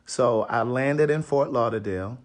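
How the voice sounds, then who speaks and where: A raspy-voiced man from Maryland, an author hosting a casual livestream from a hotel room and greeting viewers by name. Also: medium pitch, moderate pace.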